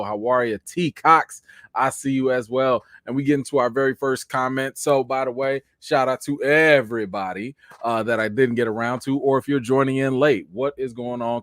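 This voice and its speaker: A man hosting a casual live stream, giving quick shout-outs to viewers and rising into high, exasperated rants. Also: dry recording, clean studio sound. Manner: rises into high, exasperated ranting.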